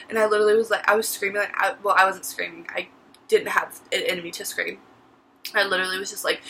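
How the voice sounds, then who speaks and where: Bright-voiced chatty teen girl vlogger. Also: medium pitch, fairly even intonation, a little fast, slight background noise, poor audio. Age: teens. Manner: chatty, says "like" and "literally" a lot. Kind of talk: casual storytelling vlog.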